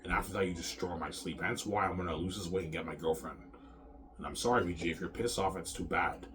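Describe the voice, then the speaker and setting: A man's voice: sits low, quick pace, a crowd in the background. A man in his thirties in a rambling personal vlog rant, angry and profane, repeating himself and restarting sentences. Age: 30s. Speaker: vlogger.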